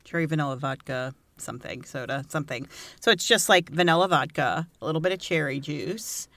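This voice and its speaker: A woman's voice: sits low, fairly quick, fairly bright tone, dry recording. A woman co-hosting a podcast in casual chat, joking and sarcastic, laughing often with crude, irreverent humor. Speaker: podcast co-host.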